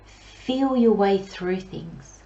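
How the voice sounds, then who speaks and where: A woman giving a pick-a-card tarot reading in a slow, gentle, soothing way, with long pauses and soft near-whispers. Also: mid-range voice, echoey room, muffled recording. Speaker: tarot reader.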